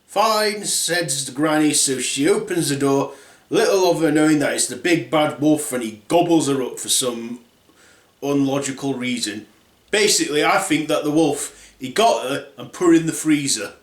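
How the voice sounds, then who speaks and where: A man's voice: fairly high pitch, moderate pace. A man telling a comic fairy tale in a casual, crude, rambling way. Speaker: storyteller. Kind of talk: comic storytelling. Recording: roomy echo.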